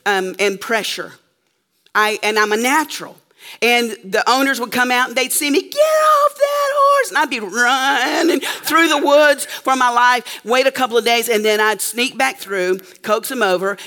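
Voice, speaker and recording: A woman's voice: a little high, pushed and bright. A woman preacher telling a story in a sermon to a live audience, emphatic and checking in with her listeners often.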